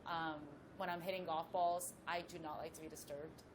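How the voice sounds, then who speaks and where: A woman, a professional golfer, telling a story as a guest in a casual chat with lively asides. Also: deep voice, normal speed, noisy background.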